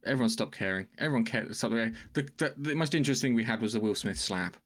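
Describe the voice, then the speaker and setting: A man's voice: medium pitch, fast talker. A man co-hosting a podcast in casual chat, blunt and sweary. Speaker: podcast co-host.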